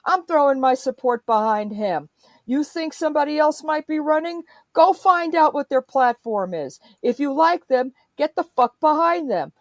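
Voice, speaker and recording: A woman's voice: high voice, expressive, normal speed, no room sound. A woman in a profane, emphatic political rant, speaking as a podcast host.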